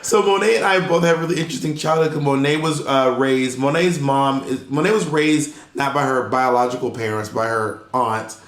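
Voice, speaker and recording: A man's voice: medium pitch, moderate pace, hardly any pauses, a little hiss or hum. A man from Corinth, Mississippi, co-hosting a podcast in playful, teasing chat, recorded in a roomy space. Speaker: podcast co-host. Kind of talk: casual chat.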